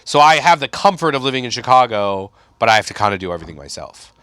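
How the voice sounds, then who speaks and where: Young male comic guest, lively storyteller who slips into quoted voices, bright tone, dry close mic. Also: mid-range voice, fast talker, no echo. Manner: animated storyteller, mimics people he quotes. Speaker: stand-up comedian guest. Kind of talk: casual podcast chat. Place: Chicago.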